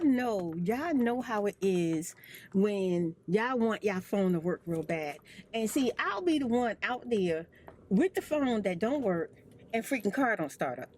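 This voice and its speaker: An older woman, a grandmother and ASMR creator, telling a rambling story with animated, repetitive complaints, acting out the dialogue. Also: mid-range voice, a little slow, slight background noise.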